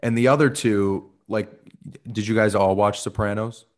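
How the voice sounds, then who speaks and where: A man with a lowish voice talks casually on a podcast. He tells stories loosely, swears freely and often laughs along. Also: fairly even intonation, moderate pace. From United States. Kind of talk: casual chat.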